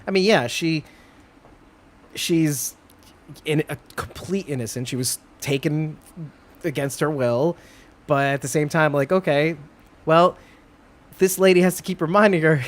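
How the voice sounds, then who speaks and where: A man co-hosting a live show, talking casually, rambling and breaking off, with lively put-on quotes. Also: on the high side, unhurried. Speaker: co-host.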